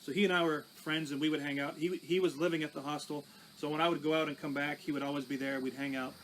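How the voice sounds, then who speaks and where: A man's voice: fairly high pitch, steady tone, fast talker, fairly bright tone, slight background noise, poor audio. A pastor telling his life testimony in a conversational, storytelling way. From Canada. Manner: conversational, recounting with small restarts.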